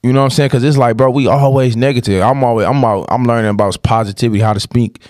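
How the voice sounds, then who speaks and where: A man's voice: medium pitch, steady tone, quick pace, darkish tone, no room sound, studio quality. A man candidly telling a rambling personal story in casual podcast talk, with plenty of cursing.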